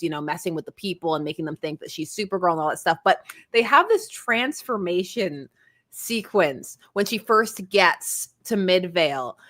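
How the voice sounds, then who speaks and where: A woman guest in a casual comics chat, animated and giggly, laughing between her points. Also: on the low side.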